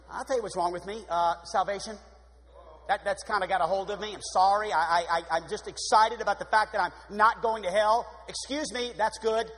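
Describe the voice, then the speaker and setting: High-voiced preacher in an echoing hall. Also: male voice, a little fast. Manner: animated, shifts from loud exclamations to hushed prayer voice. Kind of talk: sermon. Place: church sanctuary. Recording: long echo of a large hall.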